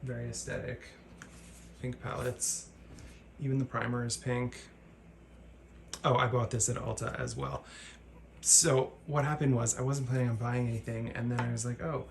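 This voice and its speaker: A man's voice: mid-range voice, fairly even intonation, normal speed, gravelly, long pauses, a little hiss or hum. A man talking casually through his makeup routine as a vlogger, rambling, correcting himself and laughing at his own slips. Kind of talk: casual chatty tutorial.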